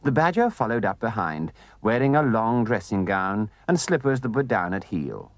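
Expressive male storybook narrator. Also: lowish voice, normal speed, no room sound.

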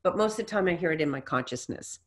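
A woman guest in a casual interview, telling stories in an animated way and acting out what people said, with a reassuring, teacherly manner. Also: sits low, fast. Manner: animated storyteller who acts out quotes. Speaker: guest, intuitive reader.

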